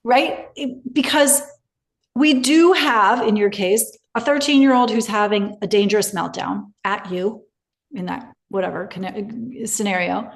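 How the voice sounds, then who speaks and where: A woman's voice: mid-range voice, a little slow, gravelly. A woman hosting a podcast interview, thoughtful and explanatory as she reframes ideas. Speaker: podcast host. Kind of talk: conversational interview.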